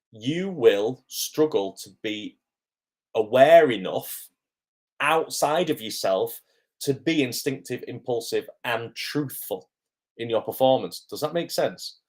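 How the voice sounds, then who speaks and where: A man's voice: mid-range voice, lively intonation, unhurried, a little mellow. A man, an acting coach answering viewers' questions on a live stream in a friendly, chatty way with frequent ums.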